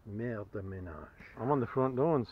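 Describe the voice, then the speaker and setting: In narrow, tinny audio, a man with a medium-pitched voice speaks at normal speed while metal-detecting in a field. He chats cheerfully to the camera, chuckling and thrilled with each find.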